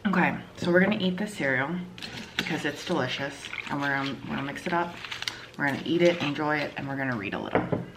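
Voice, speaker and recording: A young woman chatting excitedly in a casual reading vlog from home. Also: low voice, quick pace, noisy background. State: out of breath. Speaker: vlogger.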